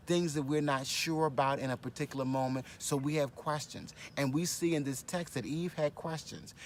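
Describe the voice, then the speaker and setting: A man's voice: mid-range voice, a little hiss or hum. A man hosting a daily devotional as a pastor, speaking on location at a conference with exuberant energy, repeating phrases and leading affirmations. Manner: exuberant, repeats phrases for emphasis, leads call-and-response affirmations. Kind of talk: upbeat devotional message.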